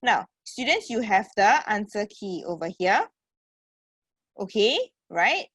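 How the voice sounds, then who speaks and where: A woman's voice: medium pitch, big pitch swings, slow pace, a bit bright, husky. A woman teacher with a Singaporean accent runs an online English lesson through her computer mic. She keeps checking in with her students and calls them sweetheart. The sound is dry and close, with no room echo. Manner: checks in constantly with "okay" and "right?".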